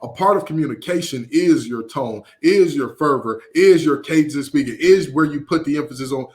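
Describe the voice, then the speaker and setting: A man co-hosting a sports podcast, talking in an animated, emphatic way with playful asides. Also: a little high, brisk. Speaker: podcast co-host. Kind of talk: casual sports chat.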